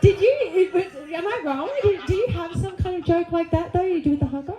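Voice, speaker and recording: A woman hosting a comedy panel show, gushing and animated with the comics. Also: extremely high pitch, a little fast, over music. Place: comedy club. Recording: echoey club with crowd.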